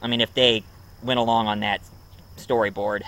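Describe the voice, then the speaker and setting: A man's voice: fairly low pitch, flat delivery, normal speed, fairly bright tone. A man casually reviewing a movie at home, rambling with many ums and uhs. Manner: rambling, full of ums and uhs, chuckles often.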